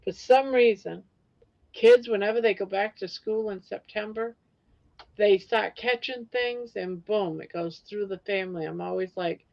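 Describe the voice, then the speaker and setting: Slow, gravelly older woman host. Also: mid-range voice, a little mellow. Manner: rambling, breaks into song snatches. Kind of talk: casual live-stream chat. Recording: dull lo-fi stream audio.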